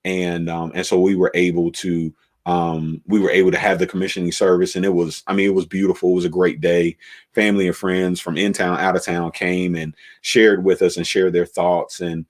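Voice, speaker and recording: A man, a pastor, telling the story of his church's beginnings in a relaxed conversational way, with many fillers and restarts. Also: deep voice, moderate pace.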